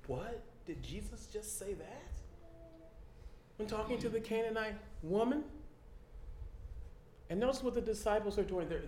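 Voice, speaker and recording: A man preaching a sermon in an animated way, acting out people's reactions and repeating his key lines. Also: high voice, measured pace, pauses often, a little hiss or hum. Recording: echoey room.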